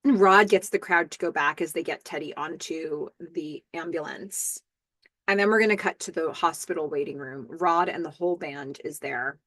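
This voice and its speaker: A woman hosting a podcast, recapping a TV episode in a casual, animated way and reading the characters' lines aloud in playful voices. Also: deep voice, moderate pace, dry recording, clean studio sound.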